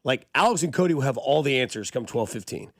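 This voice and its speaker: A man's voice: medium pitch, animated, quick pace, dry recording, studio quality. A man co-hosting a sports radio show in an easygoing, casual way, laughing often. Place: radio studio.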